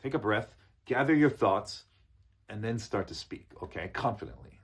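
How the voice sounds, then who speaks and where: A man teaching business in a relaxed spoken lesson, often checking in with "okay?". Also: on the low side, normal speed, breathy edge. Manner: relaxed, repeats points, ends with "okay?". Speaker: English coach. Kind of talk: casual spoken lesson to camera.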